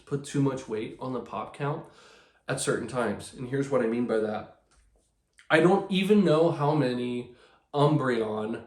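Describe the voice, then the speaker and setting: Rambling sarcastic man, echoey room. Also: medium pitch. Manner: rambling, sarcastic, with many restarts. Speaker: channel host. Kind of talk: casual talk about card collecting.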